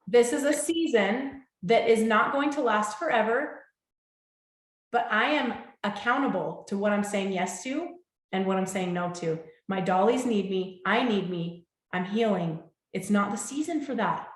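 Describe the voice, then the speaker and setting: A woman hosting a motivational talk, speaking heartfelt and warm and checking in with her listeners often. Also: medium pitch, a little slow. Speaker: host. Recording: echoey room.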